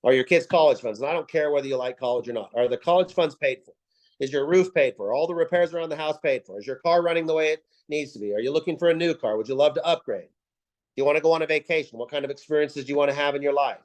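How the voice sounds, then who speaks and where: A man's voice: a little high, fast, darkish tone, poor audio. A man leading a team video call, talking in punchy, emphatic rhetorical questions and repeating himself for effect. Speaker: team leader giving a sales pep talk.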